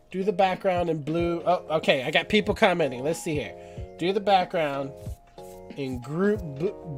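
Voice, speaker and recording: A man's voice: on the high side, lively intonation, a little slow, soft background music. A young man hosting a live painting stream, rambling and self-doubting as he chats with viewers. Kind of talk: casual live-stream chat while painting.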